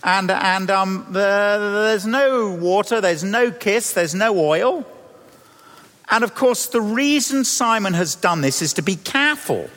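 A man, a vicar, preaching a sermon and telling the story with lively acted-out voices. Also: high voice, takes it slowly, long reverb tail.

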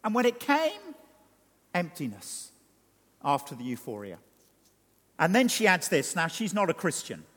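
Male preacher, high and very expressive voice, long hall echo; theatrical delivery. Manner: animated, dramatic preaching with wide swings of pitch and loudness. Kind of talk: sermon.

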